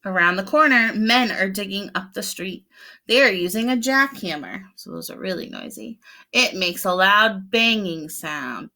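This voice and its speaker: A young adult woman who teaches preschool reads a picture book aloud to young children, gently explaining the pictures, asking questions, and playfully acting out the sounds. Her mid-range voice is creaky, with lively intonation and a moderate pace.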